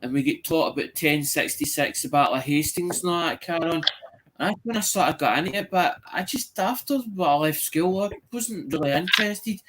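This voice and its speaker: A man's voice: fairly high pitch, fairly quick, noisy background. A man chatting eagerly on a live stream, speaking with enthusiasm and addressing others by name. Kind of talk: casual chat.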